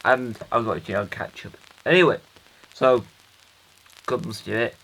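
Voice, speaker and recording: A man's voice: mid-range voice, measured pace, creaky, a bit bright, low-quality recording. A man playing an earnest, rambling dad who records a hesitant, self-interrupting video diary for his kids. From United Kingdom. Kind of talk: comic character monologue.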